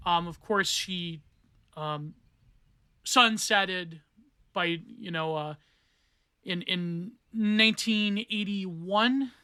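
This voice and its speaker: A man's voice: sits high, extremely slow, long pauses, sharp tone, clear, resonant tone, no echo. A man hosting a solo podcast, rambling through art theory with many fillers and restarts. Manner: rambling, digressive, many fillers and self-corrections. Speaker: podcast host.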